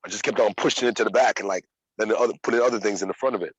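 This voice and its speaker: Man, 30s, low voice, dry close mic, candid and profane storyteller. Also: rapid-fire, slightly rough, no room sound, low-quality recording. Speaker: yoga practitioner sharing his story. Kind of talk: casual personal storytelling.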